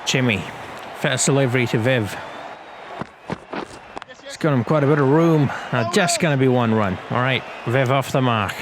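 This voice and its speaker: A man's voice: medium pitch, normal speed, long pauses, crowd noise, noisy background. A man hosting a gaming video, giving casual play-by-play commentary in a chatty, rambling way with slangy asides.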